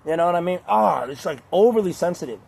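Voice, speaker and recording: A young man talking casually to camera in a crude, rambling way, laughing often and mimicking others in high voices. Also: animated, fast, gravelly, a little mellow. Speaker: vlogger.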